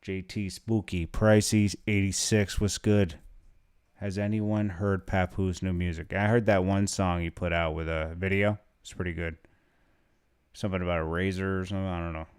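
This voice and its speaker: A tired young man hosts a casual live stream with a fairly low voice. He talks in a laid-back, mumbling way, reads viewer comments aloud and trails off as he goes. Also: flat delivery, normal speed, darkish tone, smooth. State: tired, yawning. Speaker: livestream host.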